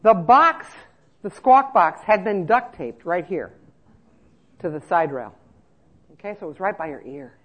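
Brief: middle-aged woman, lively speaker to care staff, muffled lo-fi sound. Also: lowish voice, measured pace, pauses often, breathy edge. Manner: lively storyteller, checks in with "okay?" often. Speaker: speaker on nursing home care. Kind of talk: conference talk to care staff. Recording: muffled lo-fi recording.

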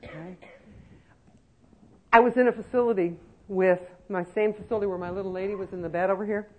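A woman's voice: mid-range voice, steady tone, fairly quick, narrow, tinny audio. Emphatic woman lecturing nursing staff. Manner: emphatic, full of rhetorical questions. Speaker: elder-care trainer.

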